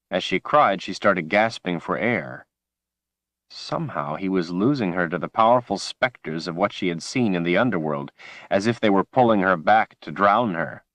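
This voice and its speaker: A man reads a fantasy audiobook in a measured, dramatic style. His voice is very deep and sits close to the microphone. The sound is dry, with no room echo at all. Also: fairly bright tone. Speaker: audiobook narrator. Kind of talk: audiobook narration.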